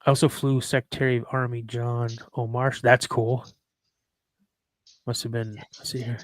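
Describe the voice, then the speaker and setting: A podcast host on a live show delivers rambling, casual anecdotes flatly at a moderate pace, in a mid-range voice with no room sound. He keeps restarting and repeating his words.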